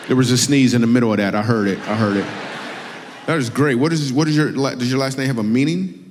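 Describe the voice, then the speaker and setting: A man's voice: mid-range voice, quick pace, noisy background. A man, a comedian, doing stand-up crowd work on stage, teasing an audience member and laughing often. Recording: live hall with faint ambience.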